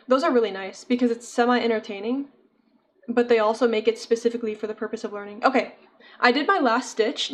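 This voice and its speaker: A young woman chatting casually with her viewers while she crochets, giggling often and answering chat. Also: fairly high pitch. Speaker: streamer.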